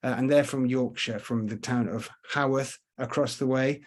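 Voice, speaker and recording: A man's voice: mid-range voice, steady tone. Chatty man giving a virtual tour. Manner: chatty, rambling, frequent pauses to think. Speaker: tour guide. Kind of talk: virtual tour talk over slides.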